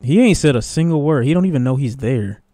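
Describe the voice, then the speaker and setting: A man streaming live, reacting to TV clips with animated, profane commentary and bursts of laughter. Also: mid-range voice, fast, no room sound.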